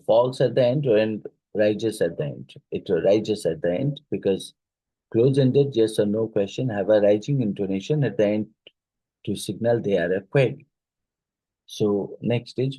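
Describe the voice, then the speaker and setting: This is an exam question review lesson in which a male teacher voices each question and then talks through how to answer it. His voice sits low and sounds mellow, captured without echo in a low-quality recording.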